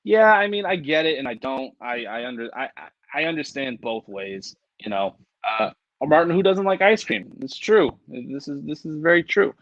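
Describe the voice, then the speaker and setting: Casual stream co-host, male, animated swing in pitch, muffled lo-fi close sound, rambling and profane. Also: normal speed, dry recording. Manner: profane, rambling, reads viewer comments aloud. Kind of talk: casual livestream chat.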